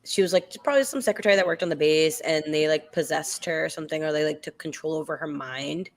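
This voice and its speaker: A woman's voice: sits low, quick pace. A woman co-hosting a casual live after-show chat, talking loosely with lots of fillers and restarts. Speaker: co-host.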